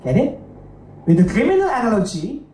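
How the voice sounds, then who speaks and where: A man with an Indonesian accent preaches a sermon, his voice mellow and warm. He keeps asking the congregation rhetorical questions and checking they follow. He is heard from some way off the mic in an echoey hall, with faint ambience behind him. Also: very high voice, huge pitch swings, fairly quick, far from the mic, slight background noise. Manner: asks listeners rhetorical questions, checks in with "right?" and "get it?". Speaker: pastor.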